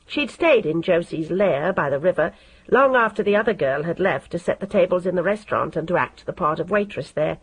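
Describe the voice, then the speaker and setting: Husky woman reading a novel aloud. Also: fairly low pitch, rough recording. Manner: steady, measured reading. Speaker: audiobook narrator. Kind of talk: scripted narration.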